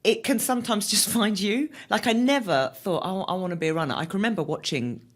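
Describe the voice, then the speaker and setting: A middle-aged woman as an interview guest, telling stories in a casual, animated way and laughing often. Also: mid-range voice, brisk.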